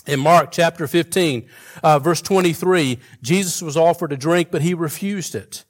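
Man preaching in a higher voice. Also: normal speed. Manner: conversational preaching with frequent fillers and restarts; rhetorical questions and homespun humor. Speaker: pastor. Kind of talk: sermon.

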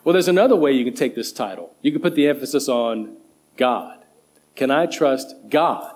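A man's voice: lively intonation, fairly quick, a little mellow, slight background noise. A middle-aged man preaching a sermon as associate pastor, leaning hard on single words. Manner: emphatic, stresses single words with rising pitch. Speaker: associate pastor and children's director.

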